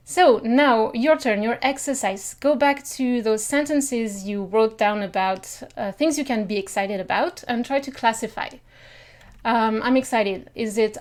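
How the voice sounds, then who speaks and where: Upbeat French woman teaching casually. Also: on the high side. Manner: chatty, reassuring, mixes in French phrases. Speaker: language teacher. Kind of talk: casual video lesson.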